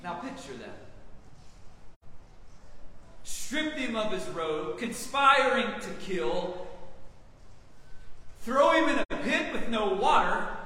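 Man, pastor, slow deliberate sermon, rhetorical questions, distant mic, heavy room echo, faint hiss. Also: sits high, very animated, pushed and bright. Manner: asks the congregation rhetorical questions. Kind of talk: expository sermon. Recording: echoey hall from far off, faint hiss.

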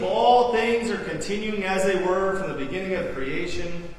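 A middle-aged man preaching a sermon, acting out quotes and swinging from loud to hushed. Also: high voice, moderate pace. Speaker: pastor. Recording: echoey hall, voice from far off.

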